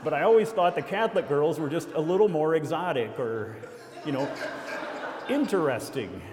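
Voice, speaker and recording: A man's voice: fairly high pitch, lively intonation, moderate pace, a crowd in the background. A man from Iowa sharing his faith testimony with a congregation, telling his story earnestly with self-deprecating humor. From Iowa, USA. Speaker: lay speaker giving a testimony. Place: church hall. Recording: echoey hall with long reverb.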